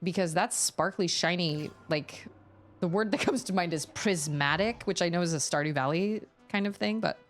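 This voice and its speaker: Brief: animated woman streamer, casual rambling chat, faint game music behind. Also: fairly low pitch, normal speed. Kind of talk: casual chat while gaming.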